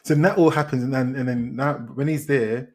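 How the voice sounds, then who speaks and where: A man retelling a film plot in casual podcast chat, animated and exasperated, with frequent restarts. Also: medium pitch, normal speed, noisy background. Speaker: podcast host, film reviewer.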